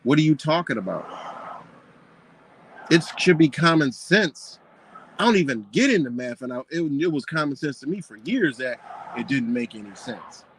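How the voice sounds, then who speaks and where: A man's voice: mid-range voice, big pitch swings, moderate pace, a bit bright, a little hiss or hum. Scornful, profane man ranting. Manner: scornful, profane, mocking, rhetorical questions. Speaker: commentator reacting to a book.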